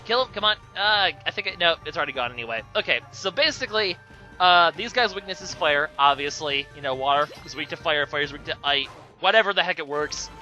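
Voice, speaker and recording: A young man talking through a video game in a loose, rambling way, tossing off sarcastic jokes between fillers. His voice sits fairly high and sounds very bright and sharp-edged, with faint game music playing underneath. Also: animated, quick pace, lo-fi sound. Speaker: let's play commentator. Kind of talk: casual gameplay commentary.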